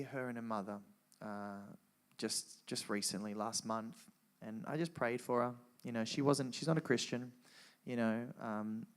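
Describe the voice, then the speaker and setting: A man telling an emotional personal testimony to a live audience, earnest and animated, with frequent restarts. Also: medium pitch. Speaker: guest speaker sharing testimony.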